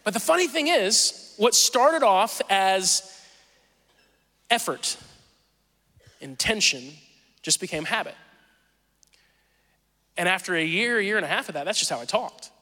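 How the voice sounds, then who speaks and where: A man in his thirties with a Southern accent, preaching a sermon and telling animated, self-deprecating stories from his own life. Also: sits high, a little slow, pauses often, long reverb tail. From Southern Missouri. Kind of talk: sermon with personal storytelling.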